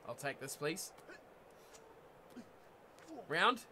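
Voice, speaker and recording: A man with a New Zealand accent giving excitable live commentary while playing a rugby video game, often yelling at the screen. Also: fairly high pitch, very slow, noisy background. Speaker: gaming YouTuber.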